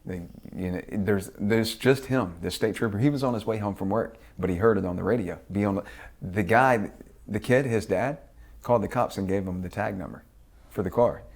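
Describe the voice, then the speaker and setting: Gravelly, low-voiced man telling a story. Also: moderate pace. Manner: profane, lively storyteller who acts out quotes. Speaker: interview guest. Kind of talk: casual storytelling interview.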